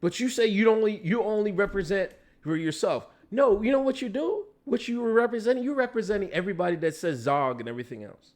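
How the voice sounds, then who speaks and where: Animated man ranting on a livestream. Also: high-pitched, fast talker, hardly any pauses. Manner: profane, animated, talks back to chat. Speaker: livestream host. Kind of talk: casual livestream commentary.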